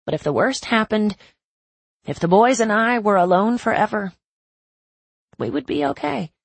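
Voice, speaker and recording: A woman's voice: mid-range voice, expressive, moderate pace, creaky, slightly rough, no echo. A woman giving intimate, emotional first-person audiobook narration.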